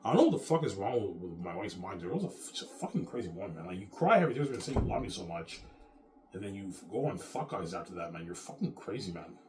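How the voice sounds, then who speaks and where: Fast-talking man in a profane rant. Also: sits low, very animated, noisy background. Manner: rambling, profane, bitter ranting. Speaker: vlogger. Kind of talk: casual rant to camera.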